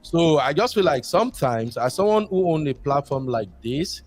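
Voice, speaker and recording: A man's voice: fairly high pitch, expressive, normal speed, soft background music. A Nigerian man calling in to a talk show, chatting casually and rambling, slipping into Pidgin. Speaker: caller. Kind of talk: casual call-in chat.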